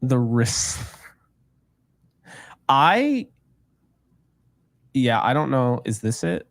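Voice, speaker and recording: A man's voice: mid-range voice, little pitch movement, unhurried, vocal fry, no room sound, studio quality. Joking, rambling male podcast co-host. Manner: joking, rambling, laughs often. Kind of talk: casual chat.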